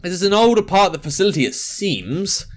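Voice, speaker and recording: A man's voice: sits high, very fast. A young man reading a visual novel aloud and adding jokey, sarcastic asides. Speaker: gaming video host.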